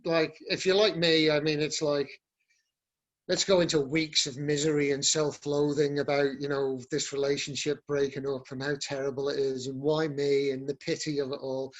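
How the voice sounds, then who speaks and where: A man, teaching a live yoga workshop in a loose, rambling, conversational way with many fillers. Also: fairly high pitch.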